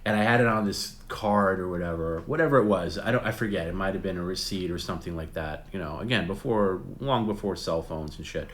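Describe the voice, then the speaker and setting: Brief: middle-aged man, deep low voice, casual profane storyteller hosting a show. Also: fairly quick, hardly any pauses, slight background noise. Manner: profane, animated, self-deprecating anecdotes. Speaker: host.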